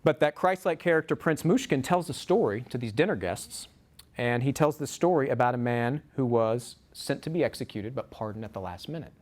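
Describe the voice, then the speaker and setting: A man preaching a sermon in a storytelling way, often stopping to restart a phrase or repeat a word. His pitch climbs sharply on emphasized words, giving the delivery a lively, animated feel. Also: a little fast.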